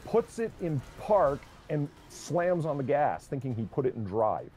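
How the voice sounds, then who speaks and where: A man streaming a game, chatting casually and telling an animated story, swearing freely. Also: on the high side, a little slow, faint music behind. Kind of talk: casual chat while gaming.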